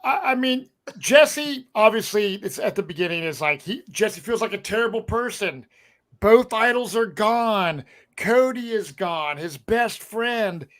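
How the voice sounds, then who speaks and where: A podcast co-host in casual recap chat, relaxed and agreeing briefly. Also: medium pitch, measured pace.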